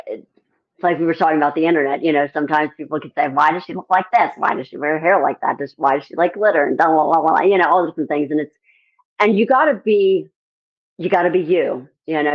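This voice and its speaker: Woman, low voice, muffled lo-fi call audio, casual interview chat, animated storyteller. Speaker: country singer-songwriter guest.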